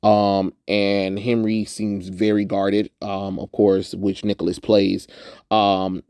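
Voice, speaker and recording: A man's voice: on the low side, monotone, slow pace, a little mellow, clear, resonant tone, no room sound, clean studio sound. A young man from the suburban American South chatting casually through a movie review, rambling with lots of "um"s and frequent laughs. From Southern United States, suburban.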